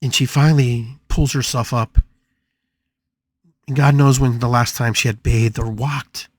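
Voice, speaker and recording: Guy hosting a spiritual podcast, dramatic storytelling, dry close sound, mid pitch. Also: fairly even intonation, unhurried, no room sound. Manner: dramatic, emphatic, repeats phrases for effect. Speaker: podcast host.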